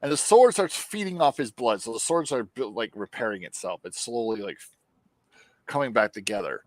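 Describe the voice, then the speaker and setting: A man tells a show's story on a podcast, cursing casually and jumping into the characters' voices. His pitch swings widely as he talks. The sound is dry and close. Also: normal speed, dry recording. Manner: animated storytelling, acts out quotes. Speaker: podcast co-host. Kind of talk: casual profane show recap.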